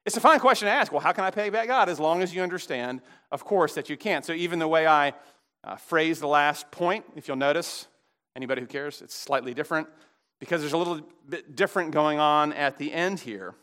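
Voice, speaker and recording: A man preaching a sermon as pastor, animated and emphatic, acting out quoted voices. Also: on the high side, brisk.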